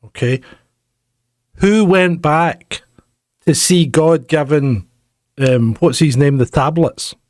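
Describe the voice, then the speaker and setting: A man with a somewhat high voice jokes and needles his co-host in loose podcast banter. He cuts in often with mock-outraged questions. The recording is close and dry. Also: slow pace, pauses often, a little mellow, no echo. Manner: teasing, interrupting, sarcastic.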